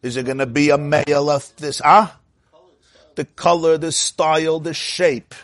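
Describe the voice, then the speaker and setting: Man, rabbi giving a Torah class; higher voice, dry close sound, animated and questioning. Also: measured pace, no echo. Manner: animated, asks the audience "huh?" and acts out quotes.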